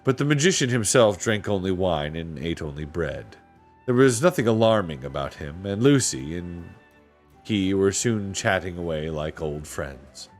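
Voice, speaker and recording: A man reading a children's novel aloud as narrator, with expressive delivery. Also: deep voice, normal speed, soft background music. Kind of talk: audiobook reading.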